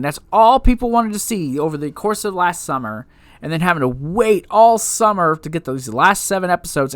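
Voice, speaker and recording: A man reviewing a TV episode in a casual rant, exasperated and animated, often restarting his sentences. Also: sits high, no room sound.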